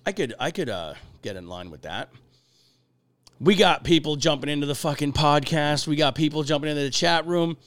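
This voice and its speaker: A man hosting a podcast, telling stories in a profane, animated, casual way. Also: a little high, normal speed, no room sound. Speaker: podcast host.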